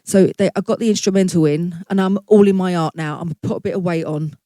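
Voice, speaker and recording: A woman's voice: lowish voice, steady tone, fast talker, warm tone, dry recording. A middle-aged woman, a guest singer, telling her career story in a candid, chatty way, swearing freely and acting out her past thoughts.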